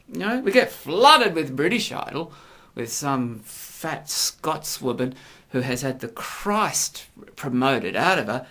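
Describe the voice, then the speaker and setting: Man, middle-aged, vlog rant, sarcastic, crude, lively pitch. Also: takes it slowly. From Australia. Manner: sarcastic, crude and swinging between mutters and loud outbursts. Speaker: vlogger. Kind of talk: ranting video monologue.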